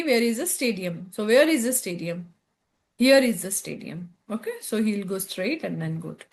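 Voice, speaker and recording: A woman with an Indian English accent and a mid-range, expressive voice teaches French from a textbook at a normal pace. She reads each line aloud, translates it into English, and checks in with "okay?" along the way, walking through the lesson.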